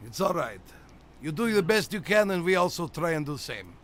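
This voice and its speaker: A man's voice: on the high side, sing-song, a little fast, a bit bright, a little hiss or hum. A man playing a boastful, teasing 212-year-old theme-park host who runs a comedic game show. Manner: brash, teasing, theatrical.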